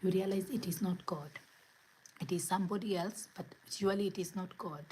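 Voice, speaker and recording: A woman giving an earnest spiritual motivational talk as host, asking repeated rhetorical questions, her words often trailing into soft breathy whispers. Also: fairly low pitch, fairly even intonation, fairly quick, slight background noise, rough recording.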